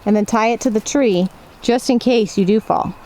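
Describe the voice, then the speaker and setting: A woman's voice: fairly high pitch, normal speed. A woman hosting a home vlog, talking casually to camera in a chatty, rambling way with lots of fillers. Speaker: vlog host. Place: at home, in and out of doors. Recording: steady hiss under the voice.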